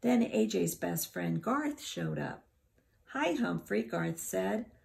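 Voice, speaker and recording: A woman teacher reading a children's storybook aloud in an unhurried, expressive way. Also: fairly low pitch, vocal fry.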